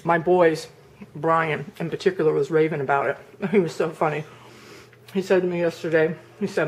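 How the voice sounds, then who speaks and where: A woman's voice: lowish voice, brisk. A middle-aged woman chatting casually in a home cooking vlog, rambling with lots of "like" and "um" while she shows the dough with her hands. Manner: demonstrates with hands while talking.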